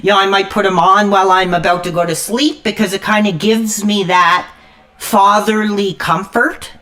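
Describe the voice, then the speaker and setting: A woman's voice: medium pitch, fairly even intonation, normal speed, a bit bright. Woman streamer, furious live rant, profane and stammering. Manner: repeats "frickin'" constantly. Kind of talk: angry live-stream rant while gaming.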